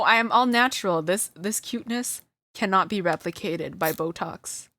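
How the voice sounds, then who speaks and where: A woman's voice: medium pitch, normal speed, a bit bright, no echo. A woman streamer chatting casually to her live chat, flustered and self-deprecating, often breaking into laughter. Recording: dry close sound.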